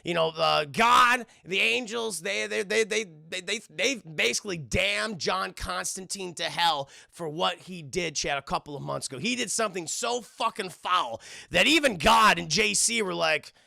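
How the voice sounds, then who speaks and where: High raspy dude ranting a tv recap to his stream chat, swears a lot, sharp tone. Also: moderate pace, hardly any pauses, no echo, clean studio sound. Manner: profane, excitable, keeps addressing chat. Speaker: streamer reviewing a TV episode. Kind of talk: casual live-stream review chat.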